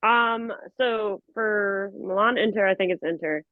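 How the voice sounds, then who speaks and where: A woman's voice: mid-range voice, a little slow, no room sound. A woman chatting casually about football in a giggly, teasing way. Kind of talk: casual sports chat. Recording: tinny phone-like call line.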